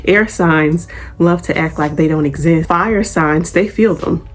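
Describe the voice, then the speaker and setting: A woman's voice: fairly low pitch, a little slow, faint music behind. A woman hosting her own channel, talking through an astrology forecast in an earnest, chatty way with rhetorical questions. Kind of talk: casual forecast talk to camera.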